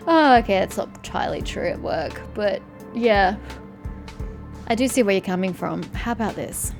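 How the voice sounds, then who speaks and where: A woman's voice: medium pitch, brisk, vocal fry, soft background music. A woman streamer giving casual let's-play commentary with chatty, wry asides. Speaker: video game streamer.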